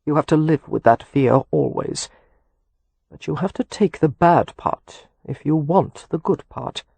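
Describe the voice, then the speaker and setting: A weary, protective husband with a husky, slightly high voice, as a male reader plays him. He speaks earnestly with a wry edge, close and dry on the mic. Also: animated, unhurried, a little mellow, no room sound, full character voice.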